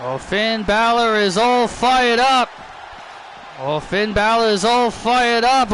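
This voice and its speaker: A man doing casual play-by-play commentary over a video game, rambling and repeating himself as he gets excited. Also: very high-pitched, takes it slowly, noisy background.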